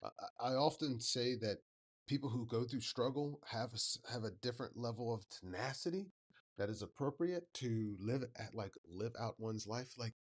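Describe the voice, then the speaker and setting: A man's voice: mid-range voice, lively intonation, moderate pace. A man hosting a reaction video, giving thoughtful commentary and searching for words with many fillers. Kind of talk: reflective commentary.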